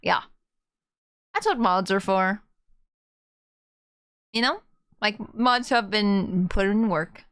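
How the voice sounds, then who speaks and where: Bright-voiced woman chatting on stream. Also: mid-range voice, slow, long pauses, smooth. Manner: chatty and openly emotional, talks straight to chat. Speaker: game streamer. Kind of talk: casual live-stream chat. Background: faint game music.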